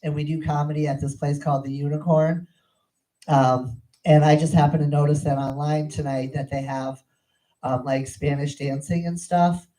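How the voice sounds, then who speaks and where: A woman's voice: deep voice, flat delivery, moderate pace, mellow, low-quality recording. A middle-aged woman performing a crude, profane stand-up routine on a comedy club stage. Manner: crude, profane, brash storytelling.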